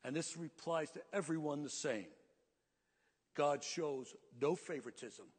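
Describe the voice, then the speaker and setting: Husky-voiced male preacher in a hall. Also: a little high. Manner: earnest preaching, slowing for emphasis. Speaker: pastor. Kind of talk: sermon.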